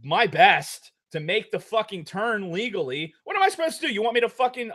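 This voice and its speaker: A man's voice: sits high, big pitch swings, normal speed, hardly any pauses, bright, forceful tone. A man co-hosting a podcast in casual chat, ranting angrily and swearing constantly. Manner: heated, profanity-laden ranting. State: angry. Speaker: podcast co-host.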